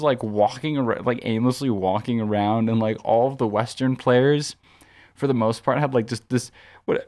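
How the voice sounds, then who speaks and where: A man co-hosting a podcast, telling a long story in casual chat, rambling with frequent restarts and filler words. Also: medium pitch. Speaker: podcast co-host.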